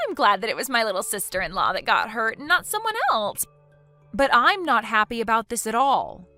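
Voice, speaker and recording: Synthetic woman voicing an entitled, shrill young woman. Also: sing-song, fairly quick, bright, forceful tone, soft background music. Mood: indignant. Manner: indignant, self-pitying.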